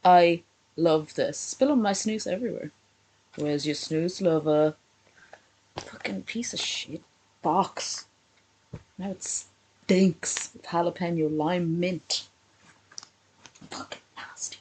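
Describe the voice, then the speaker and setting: A woman's voice: on the low side, slow pace, long pauses, a little mellow, slight background noise, poor audio. A woman streamer reacting live to a video, sarcastic and swearing constantly in casual commentary.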